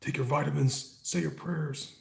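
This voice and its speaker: A man's voice: a little high, steady tone, normal speed, creaky, darkish tone, reverberant, voice pushed up. A man putting on the voice of a brash, boastful male pro wrestler who growls catchphrases and calls everyone brother.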